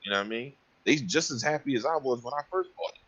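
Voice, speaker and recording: Husky blunt man on a podcast. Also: medium pitch, lively intonation, quick pace, fairly bright tone, low-quality recording. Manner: blunt, profane, emphatic. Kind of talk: casual gaming podcast chat.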